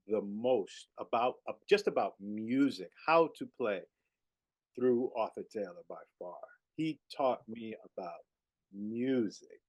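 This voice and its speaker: Middle-aged male musician guest with an average-pitched voice, animated anecdotal delivery. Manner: animated storyteller, peppered with "you know". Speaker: guest jazz saxophonist. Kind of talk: casual storytelling interview.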